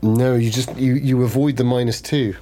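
A man's voice: medium pitch, steady tone, normal speed, warm tone. A man playing a tabletop game, talking casually, joking, and correcting himself as he goes. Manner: playful, rambling, self-correcting. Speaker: player.

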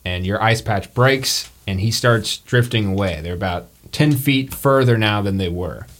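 A man's voice: fairly low pitch, moderate pace, fairly bright tone. A man narrating a tabletop game as game master, joking and full of fillers.

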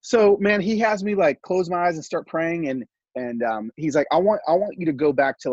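Middle-aged man, husky and slightly high, animated heartfelt storyteller, dry muffled recording. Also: moderate pace, hardly any pauses, no room sound. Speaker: podcast guest. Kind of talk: casual conversational storytelling.

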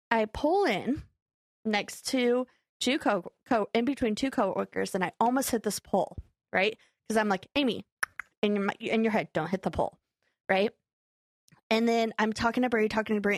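A woman's voice: a little high, no echo, clean studio sound. A young woman co-hosting a podcast, telling a story in casual chat and acting out what people said. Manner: animated storyteller, acting out quotes with laughter. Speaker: podcast co-host.

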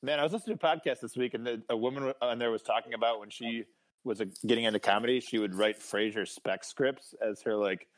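Co-hosting a podcast, a man chats casually and rambles through stories, restarting often and chuckling along the way. His voice is medium in pitch, and he talks fast.

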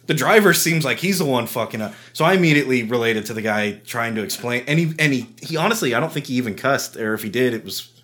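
A man's voice: mid-range voice, animated, fast talker, few pauses, fairly bright tone. A man in casual podcast chat, arguing his side step by step and swearing casually. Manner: argumentative, lays out points in order.

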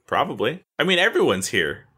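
Bright, animated, foul-mouthed man. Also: medium pitch, brisk, breathy edge. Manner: excitable, swears a lot. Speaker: podcast co-host. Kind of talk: casual gaming chat.

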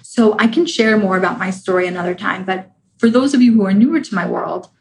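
A woman's voice: mid-range voice, brisk, vocal fry, darkish tone, slight background noise, rough recording. A woman hosting a show as a relationship coach, talking in a casual coaching monologue. She keeps checking in with her listener and acts out inner voices as she goes. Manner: conversational, often checks in with "right?" and "okay?". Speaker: relationship coach and podcast host.

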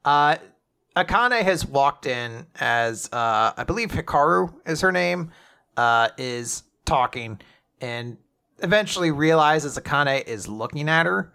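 A man's voice: on the high side, lively intonation, unhurried, gravelly, bright, forceful tone, clear, resonant tone. A man co-hosting a casual podcast, animatedly retelling a manga and acting out its characters' lines. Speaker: podcast co-host.

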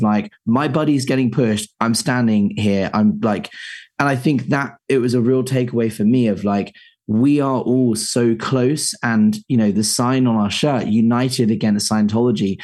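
A man's voice: medium pitch, darkish tone. A man talking earnestly and with emotion in an interview, rambling a little as he explains what happened.

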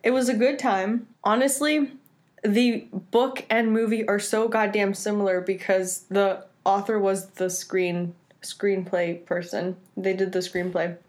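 A woman's voice: medium pitch, level tone, darkish tone. A woman co-hosting a podcast, chatting casually with blunt, swearing remarks. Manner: blunt, swearing, quick to laugh. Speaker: podcast co-host. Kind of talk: casual chat.

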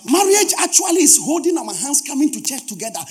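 A man's voice: very high voice, sing-song, quick pace, darkish tone, soft background music. A man preaching a sermon as pastor, emphatic, repeating phrases for stress and dropping humorous asides to the congregation.

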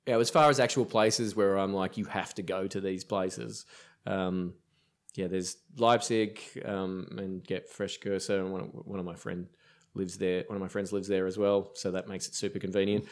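A low-pitched man with an Australian accent tells travel stories as a guest on a casual podcast. His anecdotes wander, full of ums, restarts and little asides. He sounds relaxed and chatty. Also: moderate pace. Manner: rambling, filler-heavy anecdotes. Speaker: brewer guest.

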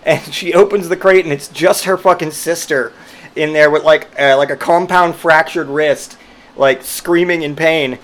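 A man's voice: fairly high pitch, steady tone, normal speed, fairly bright tone. A man telling a rambling personal story, swearing freely and amused, with lots of fillers and restarts. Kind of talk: casual storytelling monologue.

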